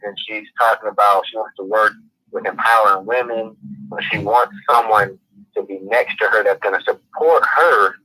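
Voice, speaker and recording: A man's voice: fairly low pitch, bright, forceful tone. A man from Florida calls in with a question and tells a long, rambling, casual story. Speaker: caller. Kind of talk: phone-in question. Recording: tinny phone line.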